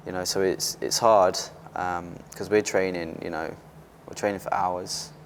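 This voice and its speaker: A man's voice: low voice, a little slow, slight background noise. A man in his twenties, an athlete guest in a casual interview, talking openly with frequent restarts. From Britain. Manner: open and animated, restarts often.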